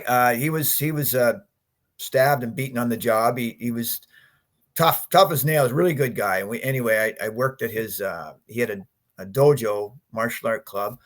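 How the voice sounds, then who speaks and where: A man in his fifties, a podcast guest, telling his story in a lively way, acting out what he and others said, with frequent laughs. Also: medium pitch. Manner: animated storyteller, acts out his own quotes, laughs often. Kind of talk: storytelling interview.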